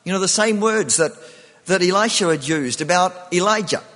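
A man's voice: sits high, normal speed, a bit bright, long reverb tail. A man preaching a sermon, often repeating himself and restarting phrases.

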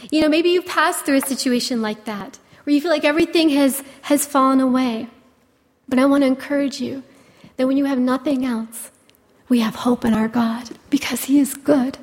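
Earnest woman preaching in a reverberant hall. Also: high-pitched. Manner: earnest, gentle, many "you know" fillers. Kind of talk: sermon.

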